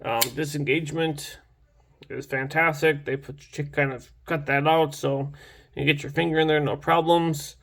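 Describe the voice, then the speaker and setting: A man's voice: on the high side, level tone, moderate pace, fairly bright tone. A young man casually reviewing a knife in a rambling, enthusiastic vlog, full of restarts and fillers.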